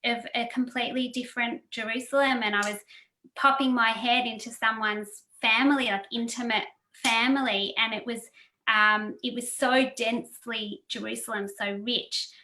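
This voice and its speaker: A woman interviewing a guest, enthusiastic and filling pauses with ums. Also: fairly high pitch, steady tone, bright, forceful tone. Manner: enthusiastic, many ums, laughs between phrases. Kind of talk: casual interview talk. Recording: echoey room.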